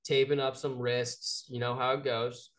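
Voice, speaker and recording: A man's voice: mid-range voice, little pitch movement, unhurried, a bit bright. A young man co-hosting a sports podcast, telling a story in a laid-back way with frequent restarts. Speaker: podcast co-host. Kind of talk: casual sports chat.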